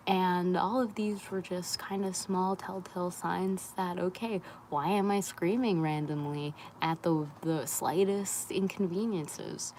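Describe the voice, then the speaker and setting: A young woman speaks softly, slipping in and out of a half-whisper as she rambles through a candid live-stream talk. Her voice sits a little low for a woman. A faint hiss of noise lies underneath. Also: steady tone, measured pace, hardly any pauses, rough recording. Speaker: spiritual wellness creator.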